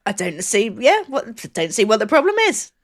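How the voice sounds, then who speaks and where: A woman's voice: a little high, sing-song, normal speed, no echo, studio quality. A woman co-hosting a casual podcast, playful and teasing. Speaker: podcast co-host. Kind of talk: casual chat.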